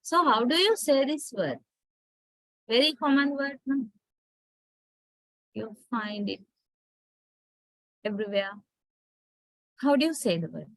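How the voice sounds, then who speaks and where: Slow, patient woman lecturing on phonetics. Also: on the high side, expressive, fairly bright tone, no echo. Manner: patient, checks understanding with "right?"; spells out words letter by letter.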